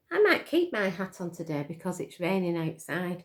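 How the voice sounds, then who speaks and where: A woman reading a picture book aloud to young children, gently asking them questions as she goes. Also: fairly low pitch, big pitch swings, moderate pace. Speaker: children's storyteller.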